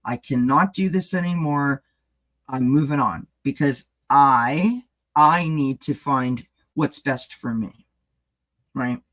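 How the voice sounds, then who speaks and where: A man's voice: medium pitch, slow pace, a bit bright. A man giving a casual live-stream tarot reading, chatting loosely and addressing viewers by name as he rambles and restarts thoughts. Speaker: tarot reader.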